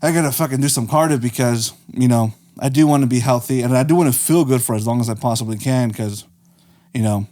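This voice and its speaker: A man's voice: mid-range voice, fast talker. A man in his twenties chatting casually as a podcast guest, telling stories with lots of swearing and laughter. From Mexico. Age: 20s. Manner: laughing, profane, animated storytelling. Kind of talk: casual chat.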